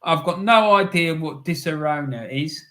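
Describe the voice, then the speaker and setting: A man's voice: fairly high pitch, moderate pace, sharp tone. A man hosting a live stream, chatting casually with viewers, laughing often and calling people "mate". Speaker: livestream host reading chat.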